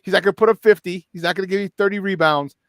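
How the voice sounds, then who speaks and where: A man hosting a morning sports talk show, telling stories in an animated, excitable way. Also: high voice, rapid-fire, no room sound, clean studio sound. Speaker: host. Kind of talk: casual sports radio talk.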